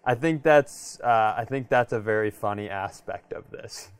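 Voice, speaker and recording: A man's voice: lowish voice, moderate pace, smooth. A man co-hosting a podcast in casual chat, musing aloud and searching for the right words as he goes. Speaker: podcast co-host.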